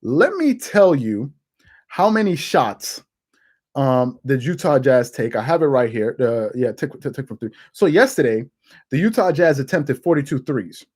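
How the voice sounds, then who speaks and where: A man hosting a casual sports commentary show, animated and laughing, with quick restarts. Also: mid-range voice, breathy edge. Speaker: host.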